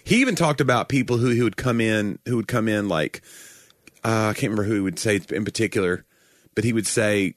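A man's voice: fairly low pitch, brisk, no echo. A man co-hosting a podcast in casual chat, telling stories and acting out the people he quotes, on a close studio microphone. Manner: animated storyteller who acts out quoted voices. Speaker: podcast co-host.

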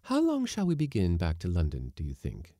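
A man voicing a sly, composed woman passenger in a storybook reading, cool and quiet. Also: deep voice, huge pitch swings, brisk, no echo, clean studio sound.

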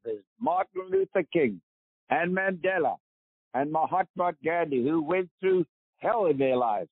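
A man's voice: fairly high pitch, sing-song, a little slow, breathy edge, dry recording. Man, 80s, South African accent, emphatic interview guest; dry, phone-quality sound. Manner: emphatic, preaching. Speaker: guest, veteran golfer. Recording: tinny phone line, dry.

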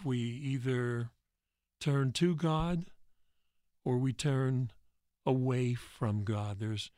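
A priest hosting a religious call-in radio show, speaking in a gentle, reflective way with pauses. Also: male voice, mid-range voice, no room sound, clean studio sound.

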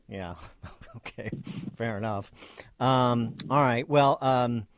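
A man hosting a radio interview, asking long, measured questions with many fillers. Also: mid-range voice, dry recording. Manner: measured, hesitant, many fillers between phrases. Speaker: radio host.

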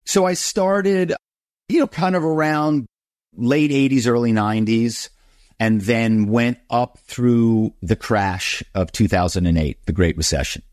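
A man's voice: medium pitch, a little slow, a little mellow, no room sound, studio quality. A middle-aged man, a guest author, telling stories in an interview and acting out phone calls in other voices. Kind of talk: interview storytelling.

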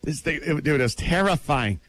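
A man co-hosting a show, telling excitable stories in casual banter. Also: a little high, a little fast, no echo. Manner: excitable, tells stories with "dude". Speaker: radio show co-host.

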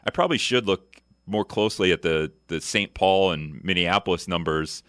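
Man, radio host, deep voice, dry close sound, rambling, self-correcting. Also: normal speed, a bit bright, smooth, no echo. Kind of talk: casual talk radio chat.

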